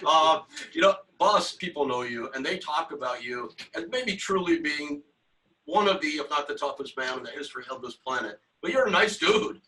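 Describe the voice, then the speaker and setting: A man's voice: on the high side, pushed and bright, poor audio. A man hosting a live stream interview, friendly and upbeat with his guests over a video call. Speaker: host.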